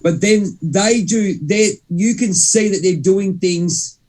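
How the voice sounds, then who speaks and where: A young man with a high-pitched, darkish voice takes his time as he co-hosts a casual spiritual podcast. He rambles, stops himself mid-sentence, and drops mild swear words.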